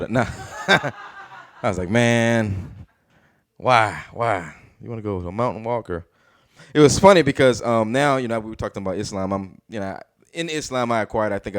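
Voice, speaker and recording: A man performing a stand-up comedy set, telling stories in a laid-back way. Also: fairly low pitch. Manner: laid-back storytelling with laughs.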